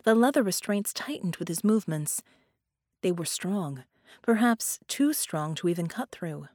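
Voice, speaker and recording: A woman reading a science-fiction story aloud as narrator, in a steady storytelling manner. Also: fairly low pitch, normal speed, dry recording. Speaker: audiobook narrator. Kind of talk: scripted narration.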